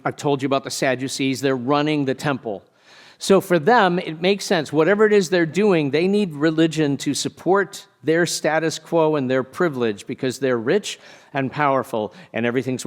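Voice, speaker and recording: A man, a pastor, giving a conversational sermon with casual asides and animated storytelling. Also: mid-range voice.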